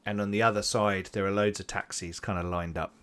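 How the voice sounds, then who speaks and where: A man's voice: lowish voice, fairly even intonation, fairly quick, fairly bright tone, clear, resonant tone. A man narrating a tabletop game as game master, rambling with many fillers.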